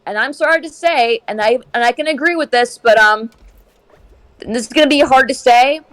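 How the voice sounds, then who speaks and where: A woman's voice: fairly high pitch, normal speed, fairly bright tone, no room sound. A woman streaming a game and chatting casually, airing strong opinions in a ranting way. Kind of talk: casual chat while gaming.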